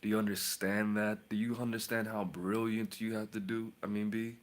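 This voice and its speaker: A man's voice: lowish voice, little pitch movement, moderate pace. A man hosting his own channel as a tarot reader, rambling and boasting in a casual rant, mocking with sudden whispers and outbursts.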